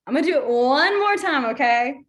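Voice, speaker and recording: A woman's voice: sits high, animated, fairly quick, a bit bright. A woman teaching a beginners' class in a chatty, encouraging way, laughing often. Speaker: sign language teacher. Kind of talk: casual online class instruction.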